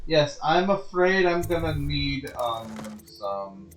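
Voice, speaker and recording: A man's voice: a little high, sing-song, slow, faint music behind. Joking streamer man. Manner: joking, rambling, with fillers. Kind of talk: casual gameplay commentary. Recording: echoey room with background noise.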